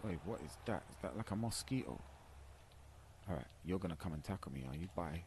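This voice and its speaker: A man's voice: low voice, expressive, fairly quick, noisy background. A man, streaming a football game and cursing at his teammates in frustrated trash talk. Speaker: gaming streamer. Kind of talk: live gameplay commentary.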